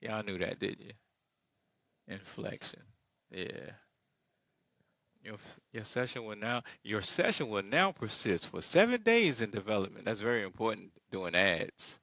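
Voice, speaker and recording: A man with rambles through his work in a casual screen-share commentary, often pausing to search for the right word. His voice is gravelly with a bright, forward edge. The sound is dry and close, with no room around it. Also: on the low side, sing-song, dry recording, muffled recording. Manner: thinks aloud, rambling asides, searches for words. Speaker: solo creator building an app.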